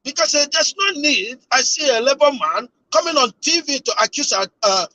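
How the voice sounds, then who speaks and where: A man's voice: extremely high pitch, animated, normal speed, no room sound, poor audio. A man speaking as a panelist with a sore throat, hesitant and full of ums. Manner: hesitant, heavy with ums, grows more forceful. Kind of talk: casual panel discussion.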